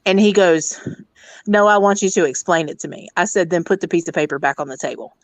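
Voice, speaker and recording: A hotel district manager, a woman with a fairly low voice, tells a blunt, profane story about a rude guest in a casual rant. She speaks fairly quickly in an animated retelling, with no echo on the recording.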